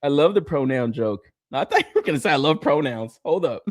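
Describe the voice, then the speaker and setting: A young man from Southern California chatting casually as a podcast co-host, swearing a lot and laughing through animated stories. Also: mid-range voice, fast, no echo, studio quality. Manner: profane, laughing, animated storytelling. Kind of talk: casual chat.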